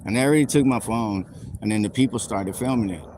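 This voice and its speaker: A man's voice: fairly low pitch, fast, heavy background noise. A man telling a heated, profane, rambling story during a live stream rant, recorded on a phone outdoors on a city street. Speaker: livestreamer.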